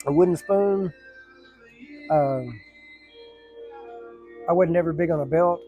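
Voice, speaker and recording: A man's voice: a little high, mellow. Blunt, rambling middle-aged man. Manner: blunt, profane, rambling with many restarts. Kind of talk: casual personal storytelling to camera.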